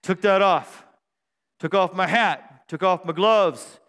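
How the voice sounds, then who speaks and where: A middle-aged male pastor preaching a sermon on a church stage mic, joking and self-deprecating, then building to shouted praise. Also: sits high, slow. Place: church sanctuary. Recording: long hall reverb in a church.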